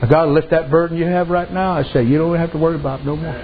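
A man's voice: fairly high pitch, fairly even intonation, very fast, a little hiss or hum. A man preaching a sermon, telling folksy stories and dropping repeated amens. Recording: dull lo-fi recording.

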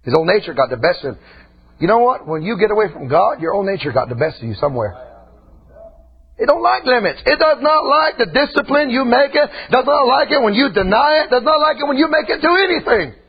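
A man preaching a fiery sermon in a folksy way, dropping to quiet talk and rising to shouts. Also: very high-pitched, big pitch swings, brisk. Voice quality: husky. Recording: dull lo-fi church recording.

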